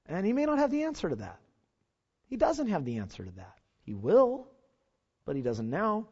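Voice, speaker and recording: A man's voice: high voice, huge pitch swings, moderate pace, a little mellow, breathy edge. A male pastor, preaching an earnest sermon and putting rhetorical questions to his congregation, on a dull lo-fi recording.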